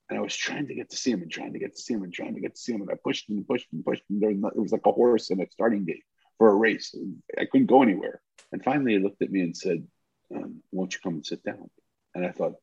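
Gravelly low-voiced older man telling stories. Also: no echo. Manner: animated storyteller who acts out the dialogue. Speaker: guest. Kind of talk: storytelling in a podcast interview. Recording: slightly muffled recording.

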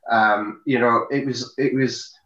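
Scottish singer guy, kinda hesitant, bright voice, echoey dull mic. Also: medium pitch, fairly even intonation, measured pace. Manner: hesitant, reflective, many fillers. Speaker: singer, guest. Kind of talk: casual conversation.

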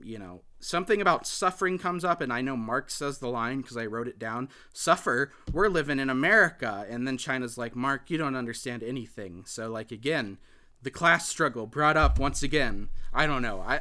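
A man talks through a movie's plot in a loose, chatty recap, stumbling over fillers and restarting his sentences. His voice is bright and forceful, with a smooth, crisp, clear tone. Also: medium pitch. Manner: rambling, hesitant, many filler words and restarts. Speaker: podcast host recapping a film. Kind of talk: casual film recap chat.

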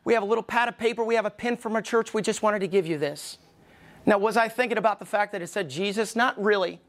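A middle-aged man preaching a sermon as pastor in a church, emphatic, with pauses, and acting out the voices he quotes. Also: high voice. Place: church sanctuary.

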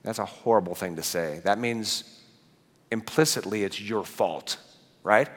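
A middle-aged male pastor giving a conversational sermon in a church, animated and asking the congregation questions. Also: fairly low pitch, measured pace, long reverb tail. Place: church sanctuary.

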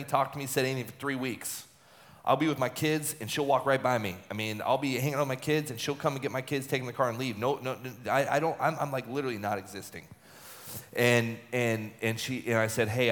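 A man telling a personal story about his marriage and faith, acting out dialogue as he tells it. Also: on the low side. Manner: animated storytelling, acts out quoted dialogue. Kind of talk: personal testimony talk. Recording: long hall reverb.

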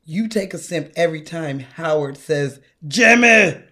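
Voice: medium pitch, moderate pace, darkish tone. A co-host in a casual chat, swearing often and laughing while laying out a movie drinking game. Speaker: podcast co-host.

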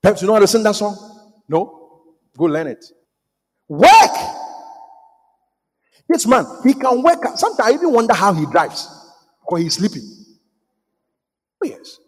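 A man preaching a sermon, emphatic and repetitive, moving between loud declarations, hushed lines and bits of song. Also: high-pitched, big pitch swings, brisk, pauses often. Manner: emphatic, repetitive, swings from shouting to near whisper, breaks into song. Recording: echoey hall with long reverb.

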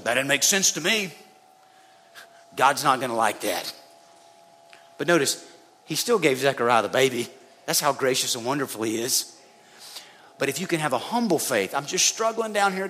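Long reverb and faint noise from the hall surround a pastor preaching a sermon. His voice is mid-range and a bit bright, and he keeps it conversational, speaking straight to his listeners as guys.

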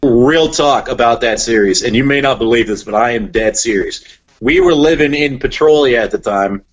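A young man in casual podcast chat, an animated storyteller who says "like" a lot, talking about sports. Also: medium pitch, normal speed, dull audio. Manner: animated storyteller, heavy use of "like". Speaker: podcast guest, sports broadcaster.

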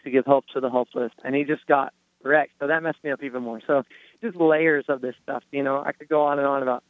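A man sharing an earnest personal testimony on a faith podcast, telling his story with halting restarts. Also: medium pitch, fairly even intonation, no room sound. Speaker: guest. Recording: tinny phone-like line.

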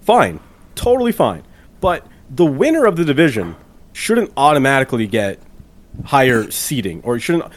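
A man's voice: mid-range voice, sing-song, moderate pace. A man co-hosting a casual sports and music podcast, chatty and prone to emphatic rants. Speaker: podcast co-host. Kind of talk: casual chat.

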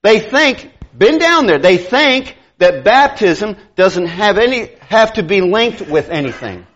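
A middle-aged man preaching a sermon, animated and conversational, acting out dialogue with quick asides. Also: high-pitched, muffled recording.

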